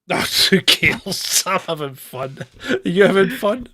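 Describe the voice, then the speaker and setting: A man's voice: high-pitched, big pitch swings, measured pace, sharp tone. A man hosting a casual commentary chat, laughing often and swearing freely. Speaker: host.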